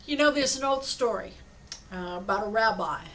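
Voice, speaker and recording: A woman chaplain speaking from her office, giving a devotional talk with gentle storytelling and restarts. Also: fairly high pitch, expressive, slight background noise. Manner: slow, warm-hearted storytelling with many restarts. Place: her office in a healthcare center.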